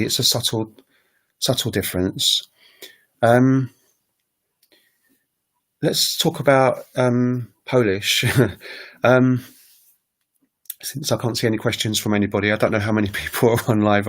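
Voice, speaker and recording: A man with a somewhat low voice talks casually on a livestream about learning languages. He rambles, filling pauses with ums and restarting sentences as he goes. He says example phrases aloud to show his point. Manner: rambling, full of ums and self-corrections.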